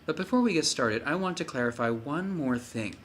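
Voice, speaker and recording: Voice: mid-range voice, expressive, a little fast. A let's play host reading game dialogue aloud, with jokey asides between lines.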